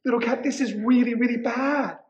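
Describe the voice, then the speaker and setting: A man voicing a small, fretful little witch woman in a children's story, talking high and apologising in a fluster. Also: fairly even intonation, a little fast, echoey room, low-quality recording. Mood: worried.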